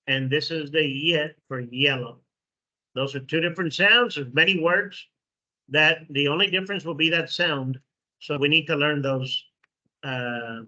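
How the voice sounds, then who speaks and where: Slow, bright-voiced man teaching. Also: fairly high pitch. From Mexico. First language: Spanish. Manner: slow, repeats sounds, checks in with "okay". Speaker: English pronunciation teacher. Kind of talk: classroom phonetics lesson. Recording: dull lo-fi recording.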